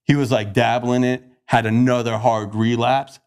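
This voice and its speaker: A man's voice: medium pitch, moderate pace, smooth. A young man on a podcast, telling his recovery story in a casual, slangy way and acting out the quoted lines. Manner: animated, slangy, acts out quoted dialogue.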